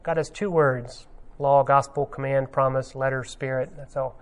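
A man's voice: mid-range voice, steady tone, normal speed. A man giving an informal sermon, talking conversationally with many ums and uhs as he retells a scene. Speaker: pastor.

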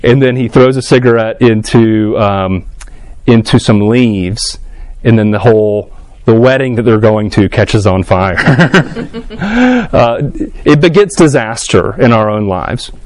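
A man's voice: on the low side, measured pace, a little mellow. A man leading a casual church class, thinking aloud with ums and restarts and putting questions to the group. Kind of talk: casual adult class lecture.

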